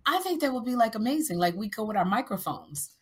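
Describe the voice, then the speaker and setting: A woman co-hosting a casual chat, loud and playful, often breaking into song. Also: a little high, big pitch swings, quick pace, slightly rough. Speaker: co-host.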